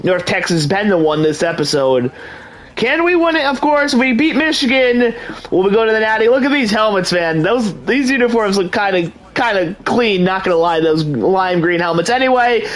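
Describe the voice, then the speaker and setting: High-voiced, hyped young gaming host. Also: male voice, a bit bright, rough recording. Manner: hypes up the game like a sportscaster. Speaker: video game channel host. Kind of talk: hyped gameplay commentary.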